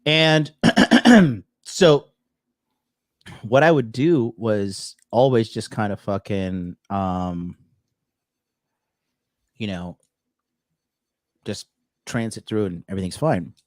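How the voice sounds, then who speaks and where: A man co-hosting a casual podcast, telling a story with lots of swearing and animated retelling. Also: on the low side, drawn-out words, long pauses, no room sound, studio quality. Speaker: podcast co-host. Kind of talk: casual chat.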